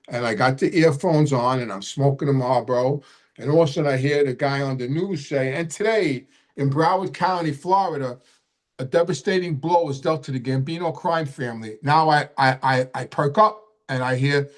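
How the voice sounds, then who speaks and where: A middle-aged man hosting a live show, telling a personal story in a casual, rambling way, repeating himself and swearing freely. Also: a little high. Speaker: host of a live question show.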